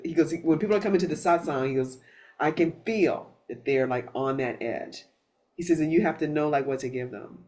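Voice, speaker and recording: Woman, satsang host, lower voice, loose, animated chat style with restarts. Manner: animated storytelling, swears, many restarts. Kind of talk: casual spiritual chat.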